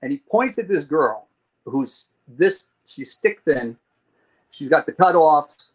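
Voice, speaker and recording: A New Jersey man guesting on a podcast talks slowly in a fairly high, slightly rough voice, captured on a rough recording. His long personal story is told animatedly, with casual swearing and the people in it acted out.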